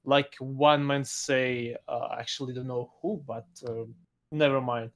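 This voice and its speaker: A man speaks English at a medium pitch. His sentences come out in halting pieces, full of pauses and loose grammar. He sounds like a casual guest on a chat show. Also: steady tone. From Russia. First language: Russian. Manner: halting, broken phrasing with frequent pauses. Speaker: podcast guest.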